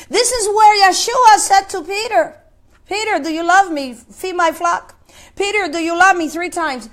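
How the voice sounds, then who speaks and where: A woman's voice: very high voice, a little slow, a bit bright. A woman preaching a sermon, impassioned, with many repetitions and quoted scripture. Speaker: pastor.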